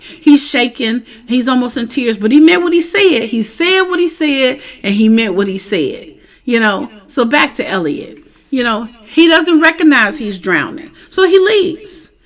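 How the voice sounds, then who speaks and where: A woman's voice: on the high side, fairly bright tone. A woman giving a casual, chatty recap of a TV episode, often asking "you know what I'm saying?". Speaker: TV show reviewer.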